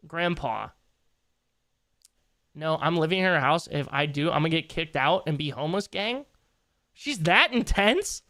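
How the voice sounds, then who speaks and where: A man's voice: on the high side, bright, forceful tone. A young man livestreaming, chatting casually with his viewers in a loose, joking, slangy way and laughing easily.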